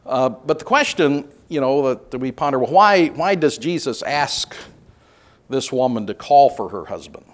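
A man teaching a conversational Bible class, relaxed and hesitant with many filler sounds, putting questions to the group. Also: mid-range voice, normal speed. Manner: asks the group questions and reads scripture aloud.

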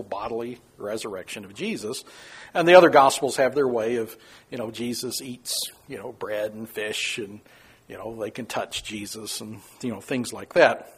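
A man's voice: fairly bright tone, breathy edge. A man teaching a Bible study in a folksy, chatty way, chuckling often and acting out quotes. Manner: folksy, chuckling, acts out quoted lines in a high voice.

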